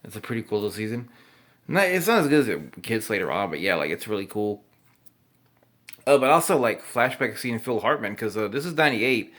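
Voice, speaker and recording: A man's voice: on the low side, big pitch swings, fairly quick, a bit bright. A drunk young man rambling and swearing as he reacts to old commercials, laughing often. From Texas.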